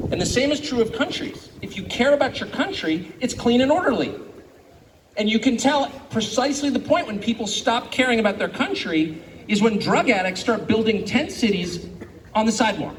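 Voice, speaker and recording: A middle-aged man from California gives a public speech to an audience, animated and sarcastic, mocking imagined critics. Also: very high voice, normal speed, a little hiss or hum. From California, United States. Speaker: guest speaker. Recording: echoey hall, faint ambience.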